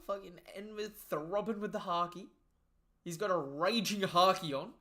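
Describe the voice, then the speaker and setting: A man giving excited, profanity-laden live commentary while reading through a comic chapter and chatting to viewers. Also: high voice. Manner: excitable, swears freely; reads the panels aloud as he goes. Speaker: live reaction streamer. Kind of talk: casual live reaction commentary.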